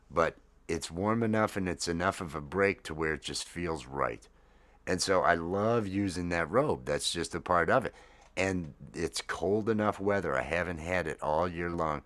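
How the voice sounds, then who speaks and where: A man's voice: low-pitched, normal speed, fairly bright tone. A man in his thirties hosting a casual live-stream chat, rambling with many fillers and restarts. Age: 30s. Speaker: livestream host.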